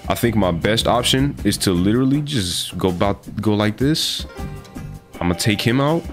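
A young man giving casual, excitable gameplay commentary, joking and trash-talking. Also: on the low side, normal speed, music in the background. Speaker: gaming video host.

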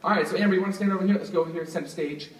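A man's voice: high voice, racing. A young man performing as a stage magician, talking casually and with energy to a live audience, hyping them up and chatting with helpers. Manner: energetic, hyping the crowd, filler "like". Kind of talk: live stage show patter. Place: live show venue with audience. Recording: echoey hall, from a distance, crowd and noise.

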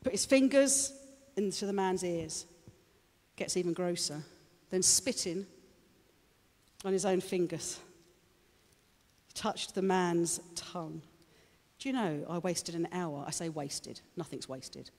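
The preacher takes it slowly here, leaving long pauses, his medium-pitched voice steady and a little mellow. Long reverb fills the church hall as he trades jokey, chatty asides with the congregation, then grows fervent and stirring.

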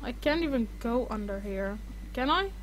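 A woman's voice: on the high side, lively intonation, moderate pace, a little hiss or hum. A woman playing a horror game, panicking, swearing and muttering to herself as she goes. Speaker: gaming streamer. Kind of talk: horror game let's play commentary.

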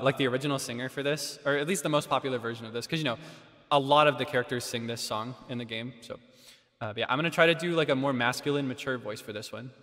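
A man streaming karaoke, chatting casually and jokily with sudden loud bursts. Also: medium pitch, in a large hall.

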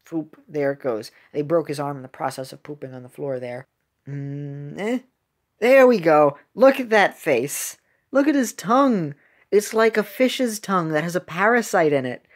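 Lady reacting to ads, kinda low voice, rambles and trips over words, gets all worked up. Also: animated, moderate pace. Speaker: video commentator. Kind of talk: casual reaction commentary.

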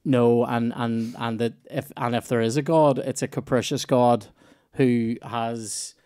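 A man's voice: mid-range voice, flat delivery, measured pace, mellow, clear, resonant tone. A man hosting a comedy podcast, telling rambling, sweary anecdotes full of restarts. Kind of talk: casual storytelling chat.

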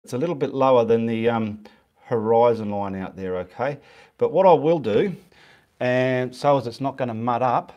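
A man's voice: mid-range voice, moderate pace, a little mellow, lo-fi sound. Chatty man painting live. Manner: chatty, casual, talks while working. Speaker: painting instructor. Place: home studio, indoors.

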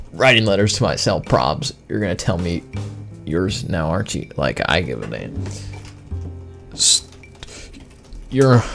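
Male gamer host, dry sarcastic commentary, unhurried delivery with a lively, swinging pitch. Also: creaky. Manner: sarcastic, mock-offended banter with on-screen characters. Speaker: gaming video host. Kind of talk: gameplay commentary, reading game text aloud.

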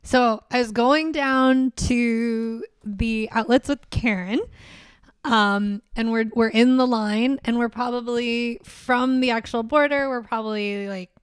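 A woman co-host with a smooth, clear voice tells a story in a chatty way. Her voice is recorded close and dry, with no room sound. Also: a little high, fairly even intonation, slow pace, no room sound. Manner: laughs often, chatty. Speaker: podcast co-host. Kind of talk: casual chat.

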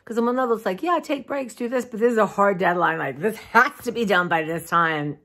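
A tired woman, talking heartfelt and rambling to her followers in a casual vlog, clearing her throat now and then. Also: medium pitch, fairly quick, sharp tone. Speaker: vlogger. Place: dim room at home.

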